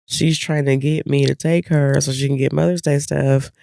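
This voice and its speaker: A woman's voice: extremely low pitch, normal speed, vocal fry, dry recording, studio quality. A middle-aged woman co-hosting a casual chat, telling family stories and acting out her kids' lines. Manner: animated storytelling, acting out family members' lines. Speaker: co-host.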